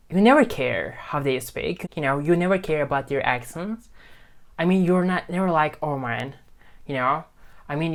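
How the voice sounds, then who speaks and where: A man's voice: medium pitch, fairly bright tone. Emphatic man giving a casual English lesson. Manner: emphatic and repetitive, keeps checking in with "okay?". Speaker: English teacher and video host. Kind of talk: talking-head lesson to camera. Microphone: phone camera.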